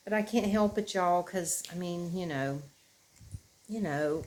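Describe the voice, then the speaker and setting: A woman's voice: lowish voice, takes it slowly, long pauses, a little mellow, slight background noise. Woman vlogger, emotional home chat, rambling and fond. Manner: rambling, tender, emotional, says "y'all". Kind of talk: casual chat to camera. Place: at home indoors.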